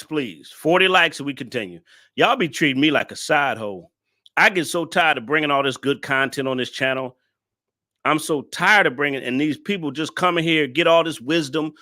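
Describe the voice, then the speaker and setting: A male content creator with a somewhat high, sharp-toned voice reacts to a video. His commentary is blunt, profane and ranting, and he scolds his viewers.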